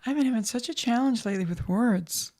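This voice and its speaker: Woman, podcast co-host, casual chat, animated, joking, bit high-pitched. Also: fairly quick. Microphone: podcast microphone.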